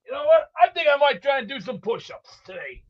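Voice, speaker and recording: A man rambling excitedly about football and cooking in a boastful, comedic way, slightly out of breath. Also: very high-pitched, brisk. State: out of breath from exercise. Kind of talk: rambling comedic sports chat. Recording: dull lo-fi sound.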